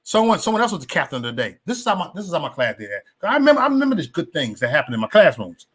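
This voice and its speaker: A man talking casually about politics and faith, animated and preachy, with many restarts and slangy asides. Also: on the high side, very fast, breathy edge. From West Side of Chicago. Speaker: political commentator. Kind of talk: casual opinion vlog.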